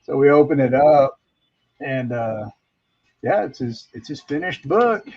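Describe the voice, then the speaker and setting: A man's voice: mid-range voice, animated, a little slow, lo-fi sound. A man, a comic artist, chatting casually and rambling through stories on a livestream while he works, close to the microphone. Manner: rambling, offhand storytelling with mild swearing.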